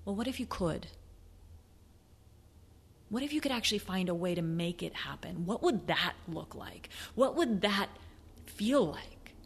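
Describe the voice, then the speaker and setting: Woman doing a pep-talk sales podcast, mid pitch, lively, mocks excuses in a high voice, sometimes goes soft and whispery. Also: a little slow, pauses often, breathy edge. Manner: animated, acts out excuses in a high mocking voice, drops to a soft near-whisper. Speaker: podcast host, sales coach. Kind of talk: motivational solo podcast talk.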